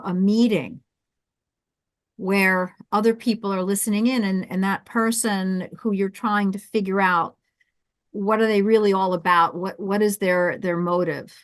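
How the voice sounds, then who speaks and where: A woman with a South Jersey accent hosting a webinar, coaching with lively restarts and repeated words. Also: medium pitch, a little slow, no echo. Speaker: webinar host and intercultural coach.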